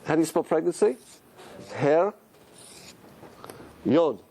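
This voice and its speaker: In a moderately paced lecture on Hebrew letters, a man who teaches Torah keeps asking his listeners questions in an animated, rhetorical manner. His pitch is fairly high, and the recording has a slight hiss or hum.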